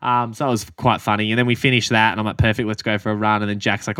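Low-voiced Australian man telling a story. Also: rapid-fire, smooth, dry recording, clean studio sound. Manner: animated, swears freely, acts out quotes. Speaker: podcast co-host and running coach. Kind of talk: casual storytelling chat.

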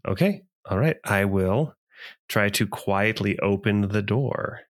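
A man in a casual tabletop game thinks aloud as he plans his moves, sounding hesitant. His voice is lowish and animated, with a slow pace.

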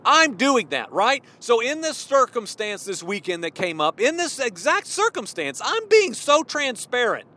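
Fervent high-voiced preacher man. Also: sing-song, unhurried, few pauses. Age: 40s. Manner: fervent and worked up, at times yelling. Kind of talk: impassioned sermon.

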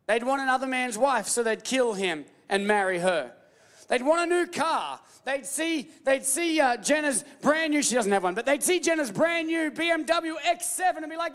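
A man preaching a sermon as pastor, animated and playful, calling out to the congregation and slipping into mock voices. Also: very high voice, normal speed, in a large hall.

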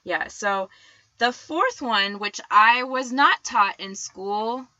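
A woman's voice: on the high side, lively intonation, takes it slowly, sharp tone, no echo, low-quality recording. A woman co-hosting a podcast, explaining in casual chat with fillers and frequent laughs. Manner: chatty, laughs often, loose fillers. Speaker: podcast co-host.

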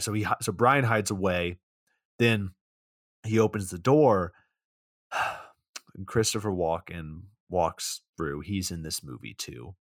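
A man's voice: deep voice, expressive, unhurried, no echo, studio quality. A man co-hosting a podcast in casual chat, recapping a movie scene by scene and acting out quoted lines. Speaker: podcast co-host.

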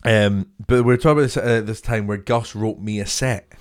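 A man's voice: fairly low pitch, fairly even intonation, brisk, clean tone. A young man, a comedian co-hosting a podcast, telling sweary stories in casual chat and laughing often.

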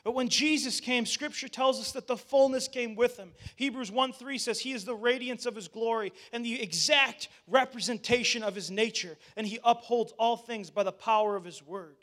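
Male pastor with a high voice, animated sermon that drops into casual asides with the church. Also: normal speed, few pauses. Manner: animated, addresses the congregation directly; conversational asides with restarts.

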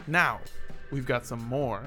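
A man's voice: mid-range voice, slow, loud music behind the voice. A man hosting a podcast in casual, joking banter, reading listener reviews aloud. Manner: playful, jokey, reads listener reviews aloud. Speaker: podcast host.

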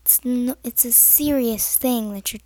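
A woman's voice: a little high, a little slow, mellow, no echo, low-quality recording. A woman giving earnest, rambling advice to the camera, often dropping to a whisper.

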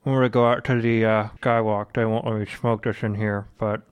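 A man voicing a stressed, gruff male friend who smokes and talks quickly and offhandedly. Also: fairly low pitch, flat delivery, natural voice. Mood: casual.

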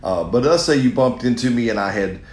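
A man's voice: mid-range voice, lively intonation, fairly quick, a little mellow, echoey room. A middle-aged man, a pastor, answering a question in an earnest, conversational sermon style, speaking straight to his listeners. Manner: earnest, conversational, with restarts and direct appeals to listeners.

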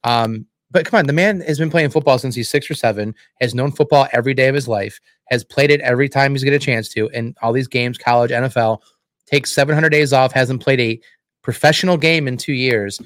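Fast-talking sports-podcast co-host man. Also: mid-range voice, fairly bright tone, no echo. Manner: rapid, chiming in. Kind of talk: casual sports talk.

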